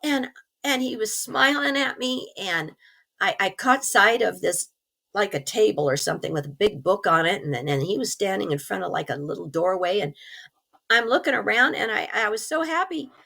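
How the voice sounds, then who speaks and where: Hoarse woman with a gravelly voice. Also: medium pitch, normal speed. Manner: earnest, animated storytelling with small laughs. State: hoarse, recovering from pneumonia. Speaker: interview guest. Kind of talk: telling a personal story.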